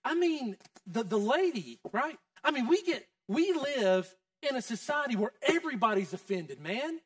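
High, lively pastor preaching. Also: male voice, moderate pace, no room sound, studio quality, distant mic. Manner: conversational, quizzing the congregation. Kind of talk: sermon. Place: church.

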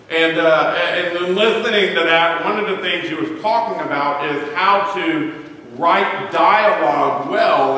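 A man's voice: fairly high pitch, bright, forceful tone, slight background noise. A man preaching a sermon to his congregation, emphatic and stressing single words. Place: church sanctuary. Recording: echoey church hall, mic at a distance.

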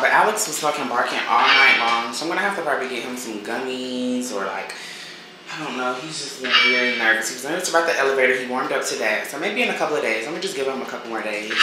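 A young woman chats straight into her phone for her vlog, blunt and loose with the swearing. Her voice rings off the walls around her. Steady background noise sits under her talk. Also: rumbling low, reverberant. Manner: chatty, blunt and heavily profane. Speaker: vlogger. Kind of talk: casual vlog chat. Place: apartment, then out shopping.

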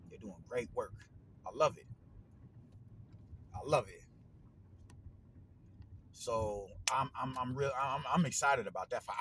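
A man talking casually, loose and slangy, with plenty of swearing and repeated phrases. His pitch sits in a middle range. Faint vehicle noise hums behind him. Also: rough recording. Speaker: boxing commentator. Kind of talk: casual opinion monologue.

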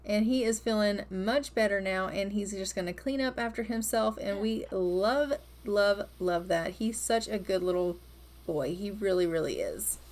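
A woman's voice: medium pitch, moderate pace, a little mellow. A woman narrating her life-simulation gameplay in a chatty, upbeat way, stretching and repeating words for emphasis. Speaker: gaming video host.

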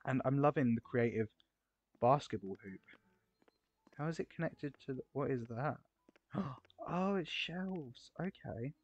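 Excitable man, dry lo-fi mic. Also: mid-range voice, slightly rough, no echo. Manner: excitable and gushing, quick gasps and exclamations. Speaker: game video creator touring player builds. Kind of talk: casual gameplay commentary. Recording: slightly dull, lo-fi recording.

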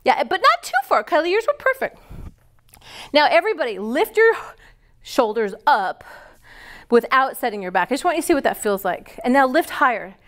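Woman yoga trainer, high lively voice, playful and upbeat cues to a class. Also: moderate pace. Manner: upbeat, playful, cue-giving.

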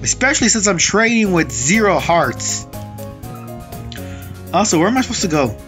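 A young man with a slightly high voice rambles through casual gameplay commentary, cursing whenever the game turns on him. Game music plays clearly behind him. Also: very animated, normal speed, a bit bright. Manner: rambling, swears when frustrated. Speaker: gaming channel host.

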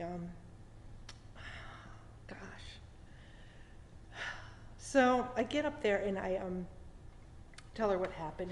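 A woman's voice: medium pitch, darkish tone. A woman tells a personal story to a live audience at a story slam, chatty and emotional. She often laughs in asides and restarts her sentences. The stage mic picks her up in a roomy hall with a long reverb tail and a faint hum behind.

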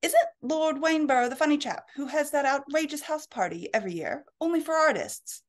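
Lady reading as cranky old viscountess, barks her lines, kinda high voice. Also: brisk, close to an everyday voice. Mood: brusque. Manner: gruff, dismissive exclamations. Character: brusque elderly viscountess, imperious and blunt.

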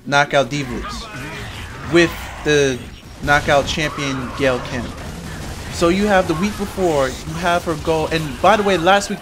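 Male podcast host, exasperated and rambling, a bit high-pitched, noisy home recording. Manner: exasperated ranting, frequent restarts. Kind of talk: casual wrestling recap podcast.

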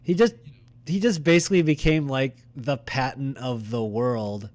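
A man co-hosting a podcast in casual chat, excitable and quick to laugh. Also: mid-range voice. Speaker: podcast co-host.

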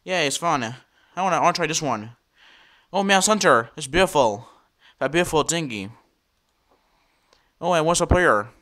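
A computer vlogger, a man with a fairly high-pitched voice, gives casual commentary over a screen recording. He addresses viewers in a halting, excitable way, often repeating and restarting words.

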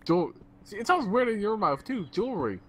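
Playful man, wildly lively pitch. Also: brisk, a little hiss or hum. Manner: playful, stumbling over words, laughing. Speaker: gamer. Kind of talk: casual gaming chat.

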